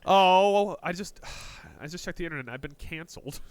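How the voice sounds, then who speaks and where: A man with a high, smooth voice speaks at a moderate pace in a dry recording. Co-hosting a casual sports podcast, he runs the segments in a jokey, excitable way, swearing and punning as he goes.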